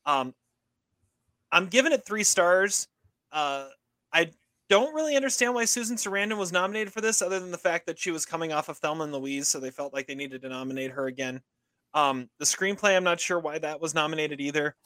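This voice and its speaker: A man's voice: on the high side, fairly quick, sharp tone, dry recording. A man co-hosting a casual film podcast, rambling with many fillers and restarts. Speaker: podcast co-host reviewing films. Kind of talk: casual chat.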